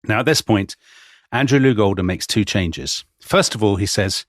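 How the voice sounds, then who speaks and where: Dry, lowish man telling history. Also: normal speed, dry recording. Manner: wry, chatty storyteller who laughs mid-sentence. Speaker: podcast co-host. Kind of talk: conversational history storytelling.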